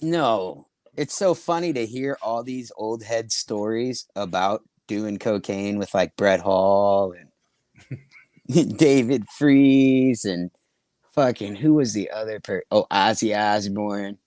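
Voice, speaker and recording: A man's voice: fairly low pitch, slow, darkish tone, no room sound. Middle-aged guy on a comedy podcast, swearing and rambling thru stories, laughs a lot, dry close sound. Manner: profane, laughing, rambling anecdotes. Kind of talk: casual storytelling chat.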